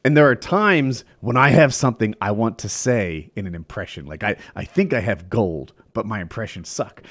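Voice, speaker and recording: A man co-hosting a podcast in casual chat, animated and self-mocking, laughing often. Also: fairly low pitch, moderate pace. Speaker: podcast co-host.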